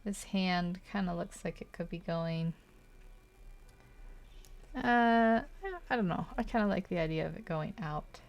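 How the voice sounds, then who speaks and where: An artist streaming her drawing session chats as she sketches, her lowish voice carrying a gravelly, fry-touched edge. Her pace is measured with frequent pauses, and she thinks out loud, hesitates and laughs lightly at her own choices. The talk is casual and unscripted for viewers watching, and the audio's highs are cut off.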